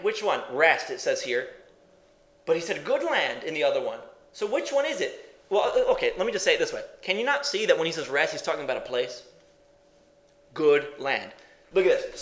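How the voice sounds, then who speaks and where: A man's voice: high-pitched, a bit bright, roomy sound. A male preacher teaching a sermon in an emphatic way, asking questions and repeating phrases.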